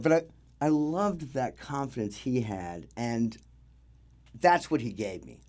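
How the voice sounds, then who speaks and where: A man's voice: medium pitch, very animated, slow pace, a little mellow. A middle-aged man telling stories in a casual interview as a guest, acting out the voices of the people he quotes. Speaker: interview guest, film crew grip.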